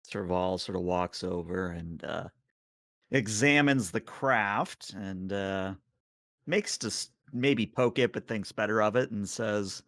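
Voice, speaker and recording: A man playing a tabletop game, narrating his characters in a relaxed, easygoing way. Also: on the low side, slow, no room sound, clean studio sound. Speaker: player.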